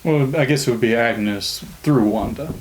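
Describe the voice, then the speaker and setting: Young dude on a podcast, dry jokey comments, average voice. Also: male voice, mid-range voice, normal speed, rough recording. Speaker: podcast co-host. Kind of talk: casual chat about a TV episode.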